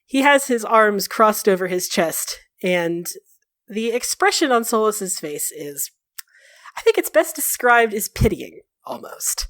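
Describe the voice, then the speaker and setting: A woman's voice: medium pitch, sing-song, unhurried, a bit bright, dry recording, clean studio sound. A woman narrating a tabletop game as game master, casual with fillers.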